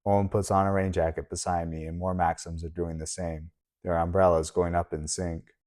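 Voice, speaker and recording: A man giving a steady, measured audiobook narration in the first person. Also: low voice.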